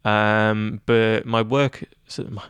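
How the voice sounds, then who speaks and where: Low-voiced chatty young man. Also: little pitch movement, slow pace, a bit bright, clear, resonant tone, no room sound. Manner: chatty and self-deprecating, many fillers. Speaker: head of news at student radio. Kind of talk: casual interview chat.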